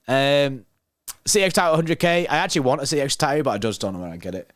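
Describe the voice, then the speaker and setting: A man's voice: medium pitch, expressive, rapid-fire, no room sound, clean studio sound. A young man hosting a football watchalong stream, chatting casually and joking as he reads out chat messages. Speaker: watchalong host reading live chat.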